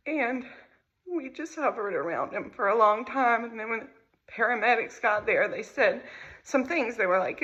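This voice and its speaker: A mother recounting a painful family crisis in a halting, emotional way. She often repeats her phrases as she tells the story. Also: fairly high pitch, fairly bright tone, dull audio. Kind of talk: personal storytelling to camera.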